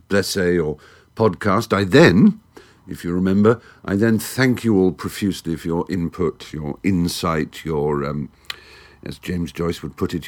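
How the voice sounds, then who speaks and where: A middle-aged English man speaks into a studio microphone with a very low voice that swoops about expressively. He hosts a solo podcast in a wry, theatrical, erudite manner. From England. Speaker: podcast host. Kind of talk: monologue podcast.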